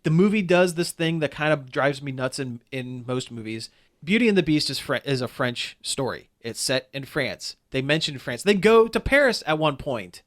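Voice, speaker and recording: Guy co-hosting a podcast, bit higher voice, rambles and restarts a lot. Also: lively intonation, normal speed. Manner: rambling, restarts a lot, critical movie review. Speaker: podcast co-host. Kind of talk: casual chat.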